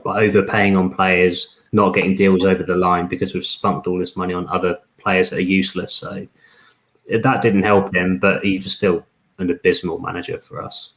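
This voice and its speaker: A man's voice: low voice, a bit bright. A man on a casual football fan podcast, giving blunt, matter-of-fact opinions. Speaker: podcast panelist.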